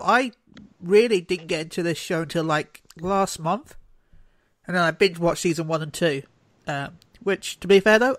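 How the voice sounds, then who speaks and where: A man with a notably high, light voice hosts a laid-back podcast, rambling along and cracking jokes. His sound is close and dry, with no room around it. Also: fairly bright tone, no echo. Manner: rambling, joking, loose. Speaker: podcast host. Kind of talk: casual chat.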